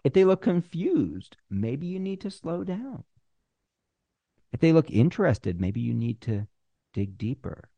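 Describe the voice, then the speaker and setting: Gravelly, lively man coaching pitches. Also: dry recording. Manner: animated, acts out both sides of a pitch meeting; uses deliberate pauses. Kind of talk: instructional talk.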